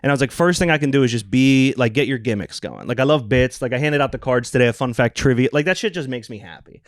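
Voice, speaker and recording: A young man chatting on a podcast as its social media producer, telling animated stories, acting out quotes and swearing casually. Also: medium pitch, quick pace, dry recording, clean studio sound.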